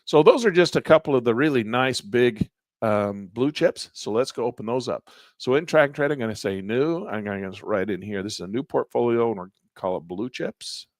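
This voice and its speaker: A man leads a live trading class, explaining each step in a relaxed, conversational way. His voice is wearing thin, and he keeps clearing his throat. The sound is dry and close, with almost no room echo. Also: mid-range voice, brisk. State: losing his voice. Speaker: trading instructor. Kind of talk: live online class walking through charting software.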